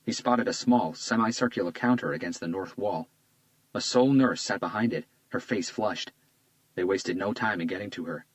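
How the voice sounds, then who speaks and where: A man giving measured, scripted audiobook narration on a close studio mic. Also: sits low, no room sound.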